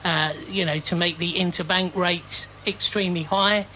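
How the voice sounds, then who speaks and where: A man's voice: high-pitched, steady tone, moderate pace, sharp tone, slight background noise. Teasing Scottish man on local radio. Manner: teasing, chatty, laughs often. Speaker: radio co-host and presenter. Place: radio studio. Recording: lo-fi radio broadcast.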